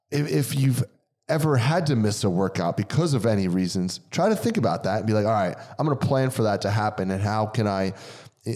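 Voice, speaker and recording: A man co-hosting a casual podcast chat, talking emphatically and repeating words for stress as he tells stories. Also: on the low side. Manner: animated storytelling. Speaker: podcast co-host.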